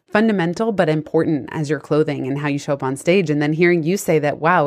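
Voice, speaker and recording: A woman who works as a life coach, hosting a conversational interview over a video call and talking in an enthusiastic, reflective way. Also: on the low side.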